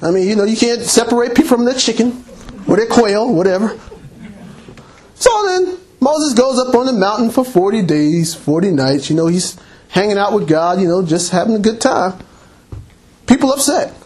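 A male preacher with a strikingly high, very lively voice, swinging through his pitch as he exhorts and tells stories. His delivery is animated and teasing, with a mocking edge. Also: normal speed. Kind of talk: sermon.

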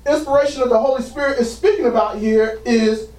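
In a roomy church sanctuary, far from the mic, a man with an extremely high, slightly mellow voice preaches a little fast. He keeps saying "praise God," and the congregation calls back amen.

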